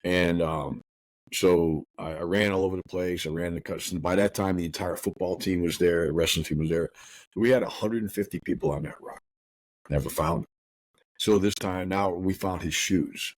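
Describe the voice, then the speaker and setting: Deep-voiced man telling a raw story. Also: steady tone. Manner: rough and profane, rushed retelling with restarts. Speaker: podcast host. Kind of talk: emotional personal storytelling.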